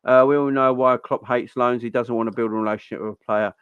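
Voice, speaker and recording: A young man hosting a casual football fan livestream, chatty and giving shout-outs to viewers. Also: mid-range voice, steady tone, fast, clear, resonant tone, dry recording, narrow, tinny audio.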